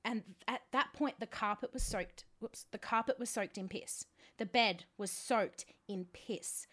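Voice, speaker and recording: A woman co-hosting a podcast, telling a story in casual chat with animated, swearing outbursts and laughter. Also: a little high, a little slow. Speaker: podcast co-host.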